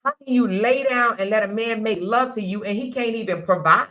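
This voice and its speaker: A woman's voice: a little high, brisk, hardly any pauses, a bit bright. An older woman hosting a casual live-stream talk in a Southern manner, blunt and preachy, laughing often as she speaks her mind. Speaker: live show host.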